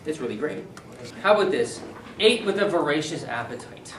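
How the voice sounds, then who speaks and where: Lively professor lecturing from across a room. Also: male voice, a little high, moderate pace, slight background noise. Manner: animated, asks the class questions and repeats their answers. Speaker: university English professor. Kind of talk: classroom seminar lecture. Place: university seminar room. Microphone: camera at a distance. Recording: echoey room, voice from far off.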